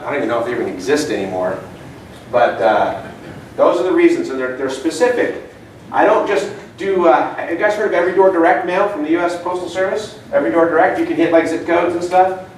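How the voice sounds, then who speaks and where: A man's voice: on the high side, a little fast, slight background noise. A middle-aged man giving a seminar talk to an audience, telling stories and asking the room questions. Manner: chatty storyteller, asks the room questions. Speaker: seminar speaker. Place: meeting room. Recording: echoey room, mic far off.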